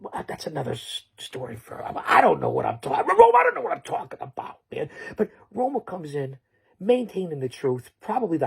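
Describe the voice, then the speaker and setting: A man's voice: a little high, vocal fry, darkish tone, breathy edge. A man hosting a show on his own, recapping in a rambling, joking way and correcting himself as he goes. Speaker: show host. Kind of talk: solo recap of a talk show. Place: alone in a basement bunker.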